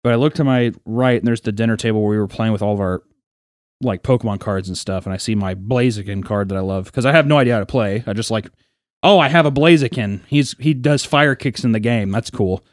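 A young podcast co-host tells a childhood story in animated, profane, casual chat, acting out the voices of the people involved. His voice is fairly low and quick, recorded with studio quality and no echo.

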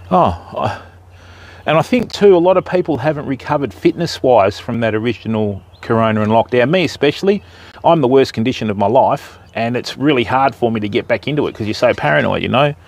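An Australian man hosting a fishing livestream outdoors, chatting casually and joking with viewers. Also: medium pitch. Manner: jokey, chatty, greets viewers by name. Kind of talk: casual live-stream chat. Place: outdoors by a river.

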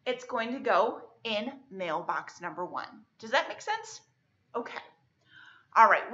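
A woman librarian leading a children's storytime lesson, speaking in a cheerful sing-song teacher voice and slowly drawing out words as she claps their syllables. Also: fairly high pitch, bright, forceful tone, dull audio. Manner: slow, exaggerated clapping of syllables.

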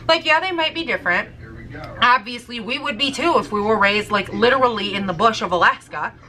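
A woman's voice: fairly high pitch, brisk, bright, forceful tone, poor audio. A woman vlogging in a casual, rambling way at home in her kitchen, swearing often and saying "like" a lot. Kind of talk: casual chat.

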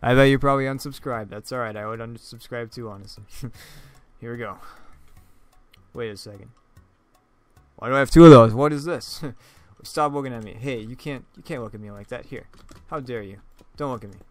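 A man's voice: medium pitch, brisk, no echo, soft background music. A man giving casual, joking commentary over his own gameplay, laughing often and stumbling over his words. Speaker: gaming YouTuber.

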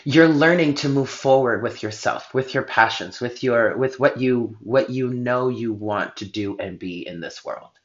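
A man talks through a spiritual tarot reading in an earnest, heartfelt way, and now and then he turns blunt. His voice sits at a middle pitch. The recording sounds a little dull and lo-fi. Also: a little slow, hardly any pauses. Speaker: tarot reader.

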